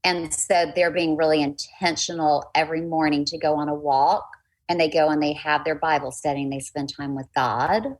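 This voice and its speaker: A woman's voice: sits low, fairly even intonation, moderate pace, low-quality recording. A woman life coach talking earnestly in a casual conversation, chatty and faith-filled, often restarting her sentences.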